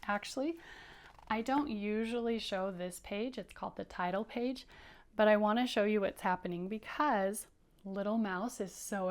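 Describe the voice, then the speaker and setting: A woman teaching young children, reading aloud with an encouraging, animated manner. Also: medium pitch. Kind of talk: children's read-aloud lesson.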